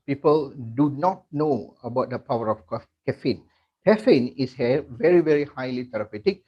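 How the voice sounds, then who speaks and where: A man giving an animated, salesy product talk to members, often filling with "okay". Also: medium pitch, husky. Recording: muffled lo-fi recording.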